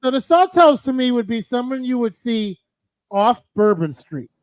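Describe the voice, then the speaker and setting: A male host runs a relaxed live-stream talk show and chats loosely with his guests. His voice sits high for a man. The sound is dry, with no room around it. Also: moderate pace, no room sound. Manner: chatty, breaks off to greet the chat room. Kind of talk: casual live-stream chat.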